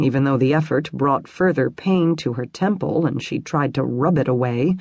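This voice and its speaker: Brief: female audiobook narrator, breathy, dry close studio sound. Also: low voice, a little mellow, dry recording. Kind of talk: scripted narration.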